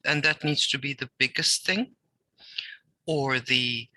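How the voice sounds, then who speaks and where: Bright-voiced man explaining typography. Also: mid-range voice, dry recording, rough recording. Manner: explanatory, reads text aloud with deliberate pauses and emphasis. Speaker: typography teacher. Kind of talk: recorded design lecture.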